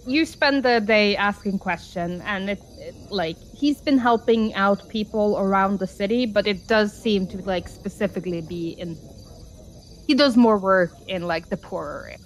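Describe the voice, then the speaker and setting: A woman running a tabletop game as game master, halting and teasing, with many fillers. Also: mid-range voice, a little hiss or hum, poor audio.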